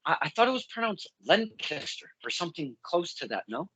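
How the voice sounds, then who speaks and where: A man's voice: a little high, very animated, fast talker, bright, forceful tone, a little hiss or hum, rough recording. A man hosting a casual interview, rambling and chatty with lots of fillers and self-corrections. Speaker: podcast host.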